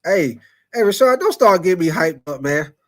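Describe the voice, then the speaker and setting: A man hosting a sports livestream in casual chat, reading super chats and answering viewers by name, animated and repetitive, laughing often. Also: sits high, normal speed. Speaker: sports talk livestream host.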